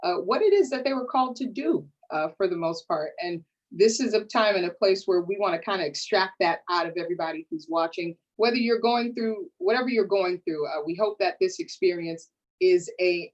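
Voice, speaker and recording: A woman's voice: lowish voice, a little fast, lo-fi sound. A woman hosting a live online panel, playful and sassy, often calling people honey. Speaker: host. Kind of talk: lively hosted panel talk.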